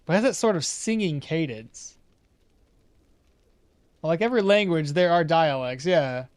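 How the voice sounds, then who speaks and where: A male game streamer with a fairly high, lively voice that swoops around as he talks. He chats loosely with his viewers while he plays, trailing off and restarting his sentences as he goes. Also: measured pace, smooth, dry recording. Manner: rambling, self-correcting, chatting with viewers. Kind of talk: casual gameplay commentary.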